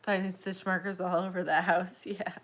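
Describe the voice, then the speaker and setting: Woman streamer, lower voice, rambling and drowsy, casual crafting chat. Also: level tone, moderate pace, a bit bright. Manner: chatty, rambling, apologetic. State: yawning, sleepy. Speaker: crochet livestream host. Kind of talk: casual livestream chat while crocheting.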